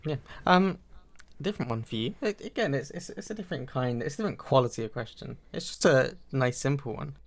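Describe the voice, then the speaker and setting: A man's voice: medium pitch, expressive, fairly quick. A young man co-hosting a podcast, rambling casually and repeating words as he thinks. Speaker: podcast co-host. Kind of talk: casual chat.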